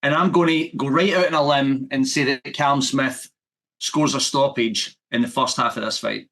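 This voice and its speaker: A man giving a measured, confident boxing prediction in a monologue. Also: mid-range voice, fairly even intonation, fairly bright tone.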